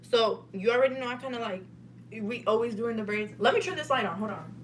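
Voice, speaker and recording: A young woman, livestreaming from her home kitchen, loud and animated, swearing as she rambles. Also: fairly high pitch, fairly quick, noisy background. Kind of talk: casual live stream chat.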